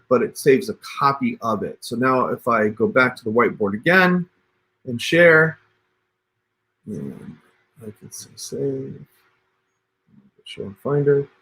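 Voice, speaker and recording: A man with a medium-pitched, slightly bright voice hosts a casual livestream tutorial over a computer mic. He chats his way through the on-screen steps, calling his viewers "you guys."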